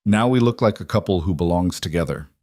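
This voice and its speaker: A man voicing a calm, controlled mafia boss who speaks low and evenly. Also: brisk, no echo, studio quality.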